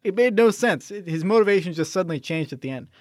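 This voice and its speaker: A man's voice: high voice, lively intonation, fast, a little mellow, no echo, clean studio sound. A man co-hosting a podcast in casual chat, picking apart details analytically and laughing now and then. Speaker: podcast co-host.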